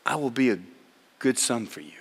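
A middle-aged man preaching a sermon, swinging from loud exhortation to hushed personal storytelling. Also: medium pitch, sing-song, fairly quick, husky. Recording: long hall reverb.

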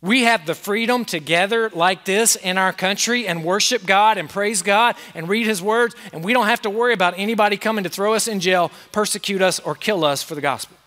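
High, bright-voiced preaching man. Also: fairly quick, hardly any pauses, big-room sound. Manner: earnest, emphatic preaching with rhetorical questions. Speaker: pastor. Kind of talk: sermon. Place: church sanctuary with a masked congregation.

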